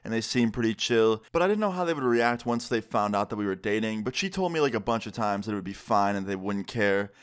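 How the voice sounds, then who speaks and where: A man's voice: lowish voice, expressive, fast, hardly any pauses, smooth. Casual young man telling a storytime. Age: young adult. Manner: casual, lots of "like" fillers. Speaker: YouTuber. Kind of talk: storytime vlog.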